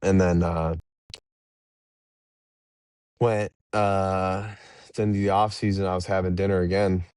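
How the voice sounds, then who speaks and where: Deep-voiced young man telling stories. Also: little pitch movement, takes it slowly, long pauses, a little mellow, clear, resonant tone, dry recording, clean studio sound. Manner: laid-back, rambling, laughs between anecdotes. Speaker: professional baseball pitcher, podcast guest. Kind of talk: casual interview storytelling.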